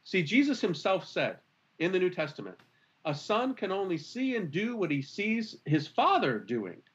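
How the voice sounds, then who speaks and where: Guy talking faith real animated, voice jumps all over, kinda dull lo-fi sound. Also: high-pitched, normal speed. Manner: expressive, rhetorical questions, earnest. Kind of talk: animated conversational teaching.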